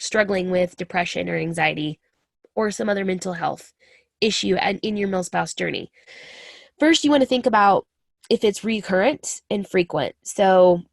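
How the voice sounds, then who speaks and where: A woman's voice: mid-range voice, gravelly, no echo, clean studio sound. A woman in her thirties, a military spouse, talking earnestly and confidingly about her own experience to listeners she calls friends. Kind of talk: personal talk to camera.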